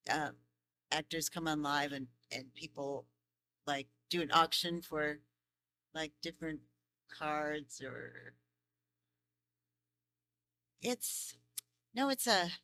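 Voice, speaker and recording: Bright-voiced, chatty voice actress at a panel. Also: female voice, deep voice. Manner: chatty, laughs often, animated storytelling. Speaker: voice actress guest. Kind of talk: convention Q&A.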